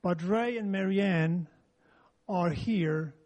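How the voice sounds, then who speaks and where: A man's voice: sits high, slow pace, a little mellow. A man serving as pastor, welcoming guests earnestly and then praying aloud. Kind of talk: welcome and spoken prayer.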